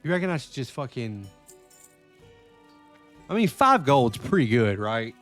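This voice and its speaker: Profane, excitable man streaming a game. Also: mid-range voice, a little slow, faint music behind. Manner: profane, excitable, talks to chat. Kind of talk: live-stream gameplay chat.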